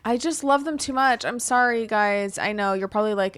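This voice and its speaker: A woman's voice: medium pitch, moderate pace, hardly any pauses, a bit bright, dry recording. Chatty young woman thinking aloud. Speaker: Sims building creator. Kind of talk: casual gameplay commentary.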